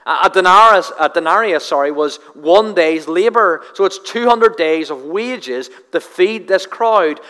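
A man's voice: fairly high pitch, fairly bright tone. A male pastor giving an earnest sermon, often repeating words as he searches for phrasing. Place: church sanctuary. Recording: long church reverb.

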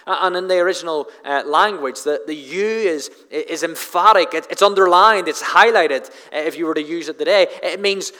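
Earnest preacher in a reverberant hall. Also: male voice, on the high side, moderate pace, few pauses, sharp tone. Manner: earnest, repeats words when emphasizing. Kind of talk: expository sermon.

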